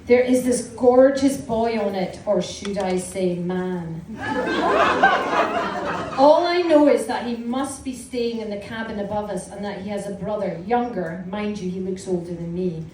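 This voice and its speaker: In a small indoor venue, a Scottish woman in her forties reads from her teenage diary to a live audience, her medium-pitched voice unhurried and dark in tone. Her storytelling is wry and amused. The distant mic gives a roomy sound with audience noise.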